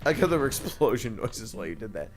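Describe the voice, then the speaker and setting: A man's voice: medium pitch, very animated, quick pace, a little hiss or hum. A young man joking and laughing as he comments on a video game with friends. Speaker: let's play commentator. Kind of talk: casual banter over gameplay.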